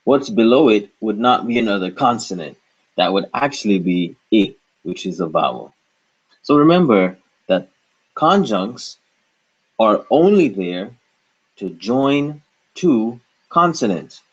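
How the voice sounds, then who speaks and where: A man's voice: lowish voice, very animated, unhurried, breathy edge. A man teaching a reading lesson, patiently sounding out syllables and repeating them for the learner. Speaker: language teacher. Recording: dull lo-fi recording.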